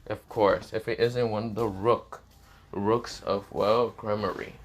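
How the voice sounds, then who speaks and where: A man's voice: on the low side, steady tone, measured pace. A man voicing a scheming teenage boy who hides menace behind friendliness, with a sly, crude, mocking manner. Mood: contemptuous.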